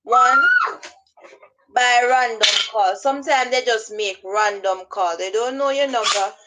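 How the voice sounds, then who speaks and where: A woman talks casually and loosely, circling back on her points and slipping into quoted dialogue as she plays both the caller and the person answering. Her voice sits a little higher than usual for a woman. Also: normal speed, noisy background. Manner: rambling, acts out both sides of calls in quoted dialogue. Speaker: vlogger giving scam-awareness advice. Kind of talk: casual instructional talk.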